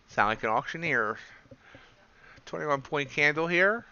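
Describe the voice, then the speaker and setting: A man's voice: a little high, animated, unhurried, long pauses, bright, forceful tone, clean tone, dry recording, highs cut off. A man hosting a live trading stream, chatting casually and self-deprecatingly while calling out prices as they move. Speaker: livestream host and futures trader. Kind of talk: casual live market commentary.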